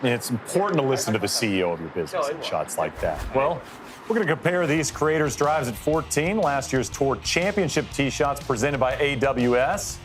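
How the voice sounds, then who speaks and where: Lead golf caller, male, steady upbeat delivery over faint music. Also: medium pitch, moderate pace. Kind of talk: play-by-play commentary.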